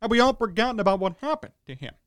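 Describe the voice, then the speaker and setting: A man's voice: high-pitched, lively intonation, rapid-fire, fairly bright tone, clean tone, no room sound. A man hosting a sports talk radio show, ranting in a sarcastic, exasperated way in short punchy fragments.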